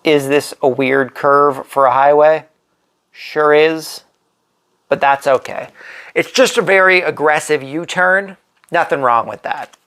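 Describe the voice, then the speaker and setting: A man's voice: on the high side, fairly bright tone, clear, resonant tone. A man hosting a board game channel, talking himself through a solo playthrough as he places pieces. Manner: slow, thinking aloud while placing pieces.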